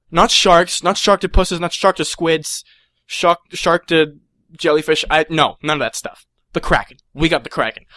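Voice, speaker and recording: A man's voice: fairly high pitch, no room sound. A young man telling a rambling comic rant about being a supervillain, stammering and acting out little voices. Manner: excitable, stammering, acts out voices. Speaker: comedic storyteller.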